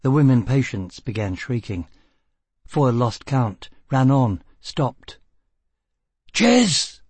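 Husky male audiobook narrator. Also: medium pitch, unhurried, dark tone, dry recording.

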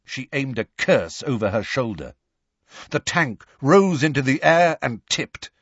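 A man reading a novel aloud as narrator, dramatic and expressive. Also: medium pitch, a little slow, slightly rough, no room sound, dull audio. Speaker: audiobook narrator. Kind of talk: scripted narration.

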